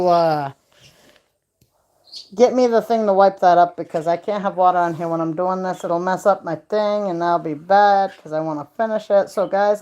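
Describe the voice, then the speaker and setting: Her voice is on the low side with a darkish tone. The middle-aged host livestreams casually from home on a handheld phone near a bedroom window, chatting away and laughing at her own anecdotes.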